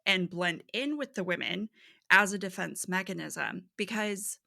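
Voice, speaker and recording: A woman co-hosting a book podcast in casual chat, speaking in a measured, analytical way with agreeing murmurs. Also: lowish voice, vocal fry, sharp tone. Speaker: podcast co-host. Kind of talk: casual literary discussion.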